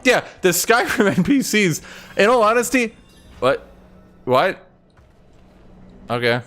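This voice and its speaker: A man commenting on a game as he plays, rambling and sarcastic and swearing freely. His voice sits a little on the high side. Faint game music plays underneath. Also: big pitch swings, takes it slowly, a bit bright. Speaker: streamer. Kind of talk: casual gameplay commentary.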